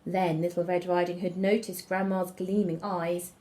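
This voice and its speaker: A woman teacher reading a fairy tale aloud to children, with expressive storytelling. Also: on the low side, normal speed, hardly any pauses. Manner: expressive storytelling, gasps and whispers.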